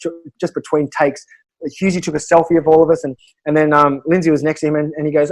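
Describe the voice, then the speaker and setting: An Australian man, a guest comedian, telling a rambling, animated story in a casual podcast interview, with lots of restarts and fillers. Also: a little high, rapid-fire.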